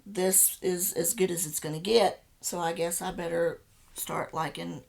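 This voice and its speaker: A woman's voice: fairly low pitch, steady tone, unhurried, creaky, a little mellow. A woman, co-hosting a podcast in casual chat, plainspoken and upbeat. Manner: brief reactions, upbeat and plainspoken. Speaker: podcast co-host.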